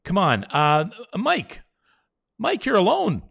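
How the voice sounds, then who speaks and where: A middle-aged man hosting a live show, reassuring and encouraging viewers as he reads their comments and leads a slow breathing exercise. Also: high-pitched, wildly swooping pitch, gravelly, fairly bright tone, breathy edge. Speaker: host.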